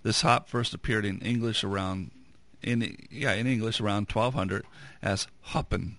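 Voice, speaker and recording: A man's voice: on the low side, steady tone, moderate pace, fairly bright tone, no echo. A man co-hosting a radio program, reading out list items and dropping dry puns. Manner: dry punning quips. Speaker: radio co-host. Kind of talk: jokey radio banter.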